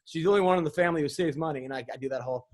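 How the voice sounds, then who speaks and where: A man's voice: a little high, rapid-fire, darkish tone. A man hosting a podcast, telling rambling comic stories in casual chat, swearing freely and restarting his sentences. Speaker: podcast host.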